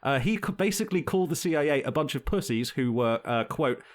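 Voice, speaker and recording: A man's voice: mid-range voice, animated, quick pace. A man co-hosting a podcast, talking politics in a sweary, sardonic, rambling way. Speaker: podcast co-host. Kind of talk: casual political chat.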